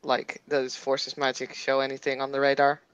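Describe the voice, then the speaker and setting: A woman playing a tabletop role-playing game, talking softly and hesitantly with many fillers, on a dull lo-fi recording. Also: rumbling low, completely flat delivery, normal speed, clear, resonant tone, dry recording. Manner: soft-spoken, hesitant, with frequent fillers. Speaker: player. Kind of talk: casual chat at a tabletop game. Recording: dull lo-fi sound.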